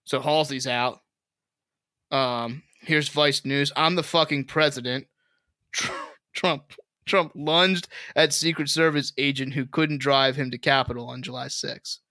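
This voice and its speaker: A man's voice: medium pitch, fairly even intonation, a little slow, bright, forceful tone, dry recording, clean studio sound. A man co-hosting a casual podcast, reading headlines aloud and laughing often. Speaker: podcast co-host.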